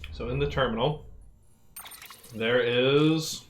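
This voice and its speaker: A man streaming a game live, chatting casually and thinking aloud in halting bits as he plays. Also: mid-range voice, a little hiss or hum.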